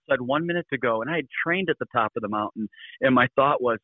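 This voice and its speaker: A man's voice: mid-range voice, fast, no room sound. Man telling a story over a tinny phone line. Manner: animated storyteller, laughs between lines. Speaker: guest. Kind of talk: storytelling in a radio interview.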